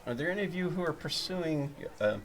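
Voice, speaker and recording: A man's voice: fairly high pitch, animated, a little fast. A man narrating as game master at a tabletop game, in a loose, rambling way with many fillers and restarts.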